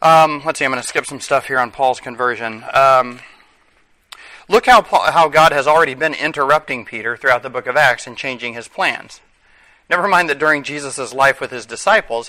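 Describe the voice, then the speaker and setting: A man's voice: mid-range voice, sharp tone, rough recording. A man, likely a father of young children, preaching a conversational sermon with wry asides and self-corrections.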